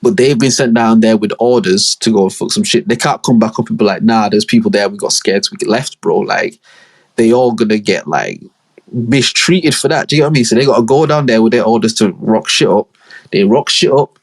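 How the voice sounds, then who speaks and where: A young man with a husky, slightly breathy voice talks through a long story on his solo podcast. He rambles and swears and leans on street slang. His pitch sits mid-range for a man. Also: normal speed. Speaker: podcast host.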